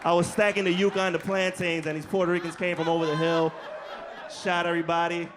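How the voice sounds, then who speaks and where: A man's voice: fairly high pitch, fast talker, background noise. A man doing a casual, profane stand-up comedy set on a comedy club stage, telling stories with energy. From New York. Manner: casual, profane, animated storytelling.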